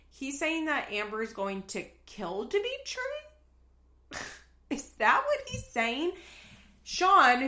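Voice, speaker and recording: A woman's voice: medium pitch, pushed and bright, echoey room. Chatty sarcastic woman podcast host. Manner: chatty, sarcastic, swears freely. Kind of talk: casual recap podcast.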